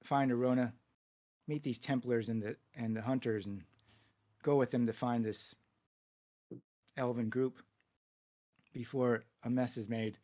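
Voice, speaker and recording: A man's voice: medium pitch, steady tone, a little slow, long pauses, dark tone, natural voice. A man voicing a loyal male first guard who reports earnestly and dutifully.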